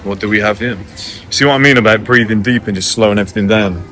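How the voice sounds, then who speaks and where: Casting: young guy vlogging from a cafe, lowish voice with a bright, forceful edge, cocky banter and frequent swearing. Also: fast, slight background noise. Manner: brash, joking, swears freely. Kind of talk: casual talk to camera. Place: cafe by the water.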